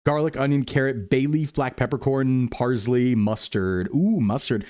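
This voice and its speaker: A man's voice: mid-range voice, normal speed, darkish tone, no room sound, clean studio sound. A man streaming casually, thinking aloud and joking with his chat as he plays a guessing game. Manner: playful, jokey, thinking aloud. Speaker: VTuber streamer.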